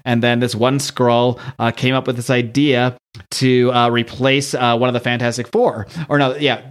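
A man's voice: mid-range voice, little pitch movement, moderate pace. A man hosting a podcast, casually and chattily recapping a comic book, laughing often as he retells it. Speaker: podcast host.

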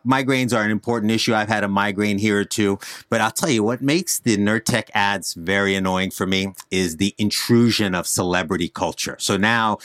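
A man's voice: on the low side, no echo, studio quality. A man from northern New Jersey hosting a casual podcast, joking and opinionated as he tells stories. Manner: joking, opinionated, lively storyteller. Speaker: host.

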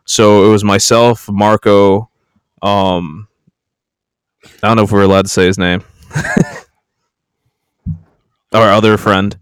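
Low, smooth-voiced man in casual chat. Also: level tone, slow pace, pauses often, no room sound, studio quality. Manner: hesitant with fillers, joking.

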